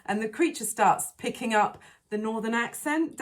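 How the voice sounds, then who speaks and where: A woman's voice: on the high side, moderate pace. A woman co-hosting a podcast, chatting about a film with enthusiasm, frequent laughs and lots of ums and uhs. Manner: enthusiastic, giggly, lots of fillers. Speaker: podcast co-host. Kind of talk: casual film discussion.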